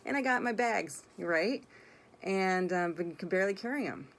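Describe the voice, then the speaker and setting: A woman's voice: mid-range voice, expressive, moderate pace. A woman telling a personal story in a casual, rambling way, blunt and swearing freely. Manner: rambling, self-correcting delivery.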